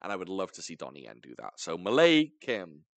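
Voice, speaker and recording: A podcast host talking casually with friends. He tells stories with lively swings in pitch and the odd curse word. The sound is dry and close to the mic. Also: fairly quick, gravelly, no room sound. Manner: animated storyteller, swears, jumps high in pitch for emphasis. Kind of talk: casual chat.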